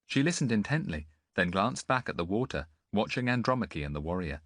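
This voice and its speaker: A male narrator reads an audiobook in a deep voice with lively, shifting intonation. The recording is dry and close. His delivery is expressive and varied. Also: a little fast, few pauses, no echo.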